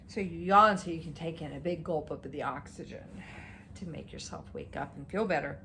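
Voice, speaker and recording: A woman vlogger chatting casually about her stitching projects, rambling and excitable, tired and yawning at times. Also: sits low, normal speed, slight background noise. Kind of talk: casual show-and-tell chat.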